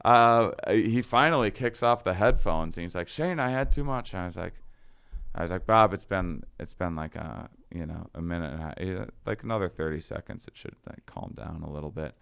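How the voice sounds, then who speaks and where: Deep gravelly dude telling a crazy story on a podcast, smooth voice. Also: male voice, fairly quick. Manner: animated storyteller, acts out quotes, laughs often. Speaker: podcast guest. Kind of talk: casual storytelling.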